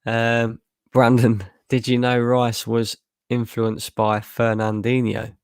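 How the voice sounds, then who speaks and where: Male streamer, young, gravelly and lowish, casual and sweary, dry close mic. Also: monotone, slow pace, dry recording. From Lincolnshire, England. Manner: casual, sweary, laughs a lot, reads chat aloud. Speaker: football watchalong streamer. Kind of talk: live stream reaction, reading chat.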